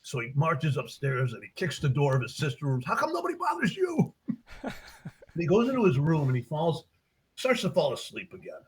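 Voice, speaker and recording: This older author retells his book's plot in an informal interview, slipping into his characters' voices with lively energy. He talks a little fast at medium pitch, and the rough recording carries a slight hiss or hum.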